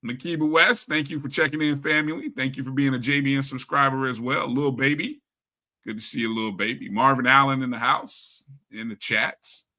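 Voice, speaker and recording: Speaking at a normal speed with medium pitch and fairly even intonation, this man co-hosts a casual live sports talk stream. One by one, he shouts out chat viewers by name, keeping things upbeat and conversational.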